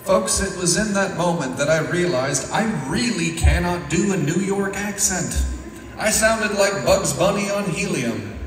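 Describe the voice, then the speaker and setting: A young man doing a self-deprecating stand-up comedy set with a deadpan delivery on stage. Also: high-pitched, measured pace, background noise. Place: stage in an echoey venue. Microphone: picked up from a distance. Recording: echoey hall from far off.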